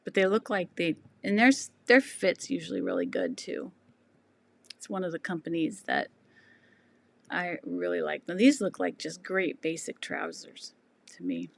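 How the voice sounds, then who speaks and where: Hoarse woman chatting on a sewing livestream. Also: fairly low pitch, big pitch swings, measured pace. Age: 60s. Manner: rambling, with many ums and restarts. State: losing her voice. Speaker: sewing channel host. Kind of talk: casual livestream chat reading comments.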